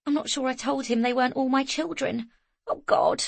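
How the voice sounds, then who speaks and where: A woman voicing a lively young single mother in an audiobook, bright and animated. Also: high-pitched, moderate pace, gravelly, no room sound, voice pushed up. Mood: flustered.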